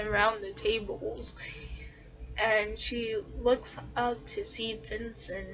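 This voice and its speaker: A woman's voice: medium pitch, fairly bright tone. A woman casually telling a story in a hesitant way, full of fillers. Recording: dull lo-fi recording.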